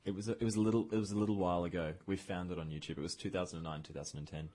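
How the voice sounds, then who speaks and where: A man co-hosting a casual radio show in the studio, his voice sitting a little low. He teases his partner and tells long, rambling stories, laughing as he goes. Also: fairly even intonation, racing, dark tone, slight background noise. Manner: laughing, teasing, rambling storyteller. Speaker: radio co-host.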